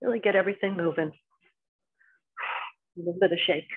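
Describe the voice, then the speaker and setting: A woman with a New Jersey accent guides a qigong session in brief, paced commands matched to the movements. Her voice sits fairly low, and the recording is thin and tinny, like a phone line. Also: a little fast. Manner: short spoken cues timed to movement. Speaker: qigong instructor. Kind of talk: guided exercise class instruction.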